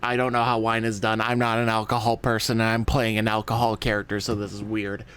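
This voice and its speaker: A man's voice: lowish voice, completely flat delivery, a little fast, fairly bright tone, smooth, soft background music. A man playing a tabletop game, describing his character's actions in a rambling, wry, self-mocking way. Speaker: player. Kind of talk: casual tabletop game chat.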